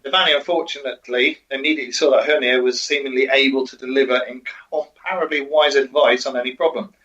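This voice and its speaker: A man's voice: medium pitch, steady tone, quick pace, fairly bright tone. A man co-hosting a casual podcast, reading out notes with many ums and joking asides. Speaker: co-host. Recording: muffled lo-fi audio.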